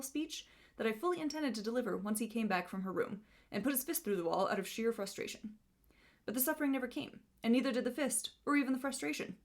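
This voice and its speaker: A woman's voice: on the high side, expressive, fast talker. A woman reviewing books casually, reading passages aloud with amusement and laughing at the funny parts. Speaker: book vlogger.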